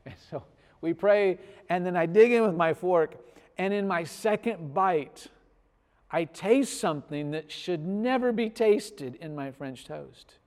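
Animated male pastor in a reverberant hall. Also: fairly high pitch, normal speed. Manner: animated storytelling, swells loud on punchlines, drops soft at ends. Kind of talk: sermon.

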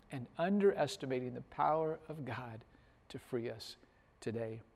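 A man preaching a sermon as pastor, telling a story with big swells in loudness and soft, trailing phrase endings. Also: mid-range voice, in a large hall. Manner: animated storytelling, swells loud on punchlines, drops soft at ends.

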